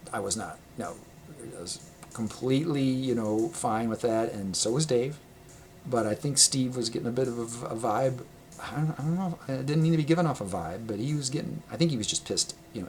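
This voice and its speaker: A man casually telling a personal travel story, rambling and correcting himself, laughing often and getting animated when he quotes people. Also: fairly low pitch, slight background noise. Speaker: vlogger.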